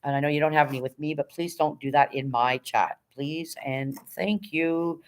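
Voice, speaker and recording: A woman's voice: low voice, moderate pace. A woman hosting a casual livestream, firmly but politely moderating her chat and reading messages aloud. She sounds tired. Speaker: livestream host.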